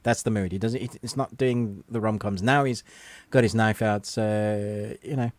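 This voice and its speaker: A man's voice: fairly low pitch, steady tone, moderate pace, darkish tone, no room sound. A man co-hosting a movie podcast in casual chat, wry and teasing, laughing often. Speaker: podcast co-host.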